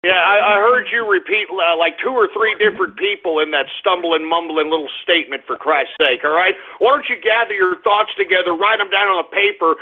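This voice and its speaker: A man hosting a call-in radio show, blustering, shouting and taunting his callers. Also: high voice. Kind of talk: ranting call-in radio talk. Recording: phone-quality lo-fi broadcast audio.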